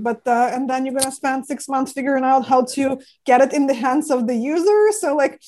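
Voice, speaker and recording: Woman hosting a startup podcast, chatty, bit high-pitched, acts out founders. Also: brisk, hardly any pauses, a little mellow. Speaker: podcast host. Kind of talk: casual interview.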